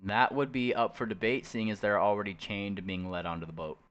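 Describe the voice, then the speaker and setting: A man runs a tabletop game session, describing the scene in a fairly low voice. His tone is smooth and clear. He stops often with uh and um as he narrates. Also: fairly even intonation, a bit bright, muffled recording. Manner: halting narration full of uh and um fillers. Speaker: game master.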